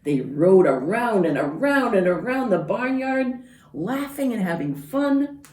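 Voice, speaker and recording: A woman's voice: medium pitch, sing-song, measured pace, darkish tone. A woman librarian reading a picture book aloud to children, pointing out the pictures as she goes. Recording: roomy, from far off.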